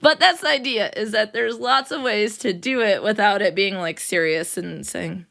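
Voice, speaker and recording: A woman's voice: medium pitch, moderate pace, creaky, a bit bright. A young adult woman hosting a casual solo podcast as a teacher, upbeat and playful, often laughing and putting on quoted voices. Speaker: podcast host.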